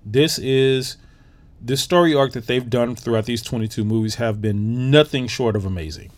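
A man's voice: medium pitch, normal speed, dry recording. A man hosting a podcast, giving a casual, enthusiastic movie review full of fillers and restarts. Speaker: podcast host.

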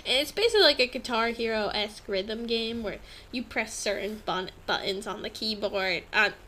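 A woman's voice: a little high, animated, moderate pace, bright, forceful tone, a little hiss or hum. A young woman co-hosting a casual gaming podcast, upbeat and giggly, full of fillers. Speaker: podcast co-host. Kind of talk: casual chat.

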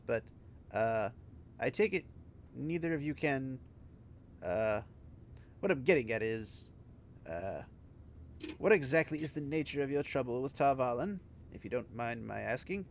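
A cagey middle-aged innkeeper with a slightly nasal voice, pitched a touch below a man's usual voice and kept soft and low, as a man reading aloud puts him on. He picks his words with care, stalling on fillers before he gets to his point. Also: animated, a little slow, gravelly, long pauses, a little hiss or hum. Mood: guarded. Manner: hesitant, cagey speech with fillers. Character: wary middle-aged male innkeeper, dry, guarded.

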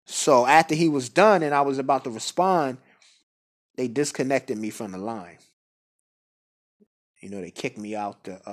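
Man telling a story, laid-back. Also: medium pitch. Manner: laid-back, conversational, with frequent fillers and asides. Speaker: guest speaker. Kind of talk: casual storytelling.

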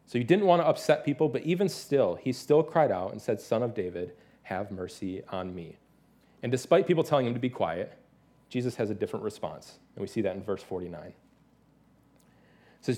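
A man in his thirties preaching a sermon as pastor, telling stories with lively, animated delivery and playful imitations. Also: medium pitch. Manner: animated storytelling, mimics his toddler's excited voice.

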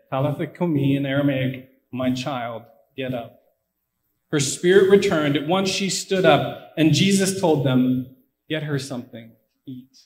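A man preaching a conversational sermon, retelling a story with asides and acting out the quoted lines. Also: medium pitch. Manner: frequent asides and fillers like "I mean" and "you know". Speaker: pastor. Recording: echoey room.

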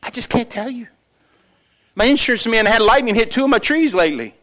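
A middle-aged man preaching a sermon as pastor, telling stories with animated energy and dropping to quiet, earnest emphasis. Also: extremely high pitch, fairly quick. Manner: animated storytelling that shifts between loud excitement and quiet earnest emphasis.

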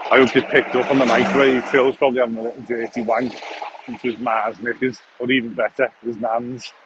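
A man's voice: medium pitch, level tone, brisk. A man, hosting a podcast in a crude, jokey, rambling monologue full of swearing and restarts while walking outdoors on a phone mic. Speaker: podcast host. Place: outdoors, walking along a street. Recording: dull lo-fi sound with faint outdoor noise.

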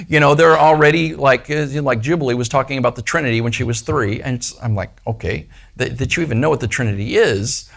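A man's voice: a little high, creaky, fairly bright tone. A man preaching a casual, playful sermon to a small church gathering, often acting out the voices he quotes. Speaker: pastor.

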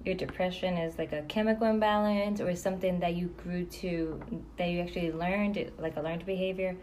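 A woman's voice: lowish voice, fairly even intonation, brisk, a little mellow, slight background noise, low-quality recording. A woman co-hosting a podcast, talking in a supportive way and asking reflective questions. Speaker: podcast co-host. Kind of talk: conversational podcast chat.

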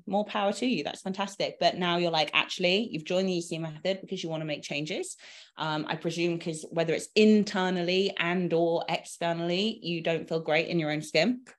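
A woman co-hosting a casual fitness podcast, giving chatty, animated coaching advice. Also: on the low side. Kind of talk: casual chat.

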